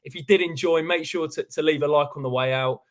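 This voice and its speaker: A man hosts a football fan show with eager enthusiasm, leaning on quick agreement and praise for his guest. His voice sits slightly high. He talks casually over a video call. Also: fairly even intonation. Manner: enthusiastic, repeats "love it" and "hundred percent". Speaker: podcast host. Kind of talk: casual fan-channel chat.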